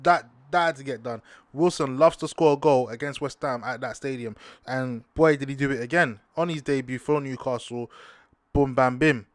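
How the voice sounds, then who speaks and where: A young man hosts a casual football talk show alone, full of street slang and asides. His voice sits in a middle register and sounds dry and close to the mic. He turns animated when he rants. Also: normal speed, no room sound. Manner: animated, slangy, rants with bursts of high-pitched outrage. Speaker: football podcast host. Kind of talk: casual sports talk monologue.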